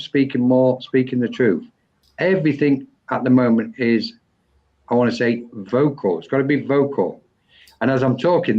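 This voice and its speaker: A man hosting a live online session and giving a psychic mediumship reading, pausing often and restarting as he searches for words. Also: mid-range voice, darkish tone. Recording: dull lo-fi online stream.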